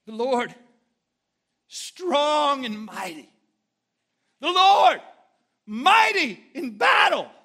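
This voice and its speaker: A man voicing a slow-tongued Southern man in his late forties who reads scripture aloud in awe, crying and shouting it out with a thick Southern drawl. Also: very high voice, big pitch swings, pitched above the performer's own voice, full character voice. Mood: ecstatic shouting. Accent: American Southern drawl.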